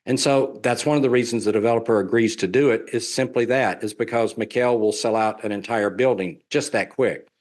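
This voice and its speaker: A man with a gentle Southern US accent talks through an investment pitch at a middle pitch. He is folksy and persuasive, leaning on homespun comparisons and circling back to repeat his main points. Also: fairly even intonation, a little fast, hardly any pauses. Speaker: real estate investment presenter. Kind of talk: sales presentation.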